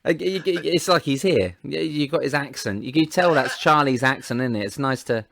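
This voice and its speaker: A man's voice: medium pitch, fairly quick, gravelly, fairly bright tone. A man hosting an interview, laughing often and prompting his guest with encouraging questions. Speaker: podcast host interviewer. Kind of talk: friendly interview chat.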